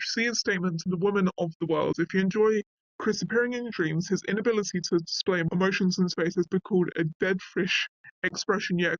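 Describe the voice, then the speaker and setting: A man with a high-pitched voice reads an online article aloud and cuts in with blunt, casual reactions, sometimes cursing. The recording sounds dull and lo-fi, with a dry sound and no room echo. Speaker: commentator reading a wiki article aloud. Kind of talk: casual reading and commentary.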